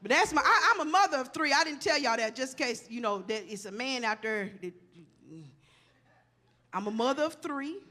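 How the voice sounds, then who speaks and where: A woman in her forties telling a profane stand-up comedy story, animated and talking straight to the audience. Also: high-pitched, normal speed.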